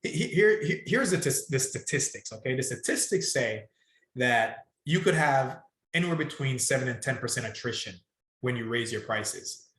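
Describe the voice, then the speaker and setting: Man, salon business coach, emphatic, repeats key points, average pitch, echoey room. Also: expressive, moderate pace, fairly bright tone. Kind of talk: casual podcast conversation.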